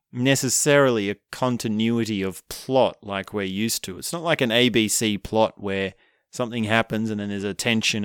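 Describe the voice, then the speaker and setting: Man, casual film recap, animated storyteller, dry close sound. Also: mid-range voice, clear, resonant tone, no room sound. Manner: animated storytelling, acting out quoted lines with chuckles. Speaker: film reviewer.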